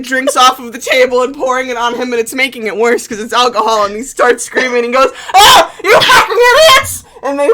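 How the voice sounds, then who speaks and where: A woman's voice: high voice, fairly bright tone, slight background noise. A woman narrating as game master for a tabletop game with friends, laughing often as she tells the story. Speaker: dungeon master.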